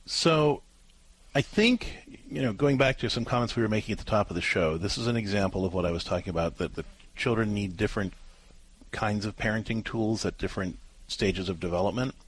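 A man's voice: fairly low pitch, brisk, breathy edge, no room sound. A man co-hosting a parenting advice show, explaining at length with frequent restarts and fillers.

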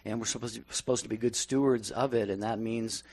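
A man's voice: fairly low pitch, fairly even intonation, fairly quick, gravelly, a little mellow. A man co-hosting a call-in radio show, speaking earnestly and thoughtfully. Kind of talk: talk radio chat.

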